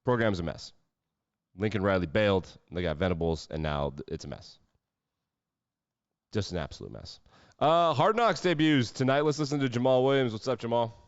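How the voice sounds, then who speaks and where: A man's voice: on the low side, big pitch swings, normal speed, pauses often, clear, resonant tone, dry recording, dull audio. A man hosting a solo sports podcast, talking casually with sarcastic, wry asides. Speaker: podcast host.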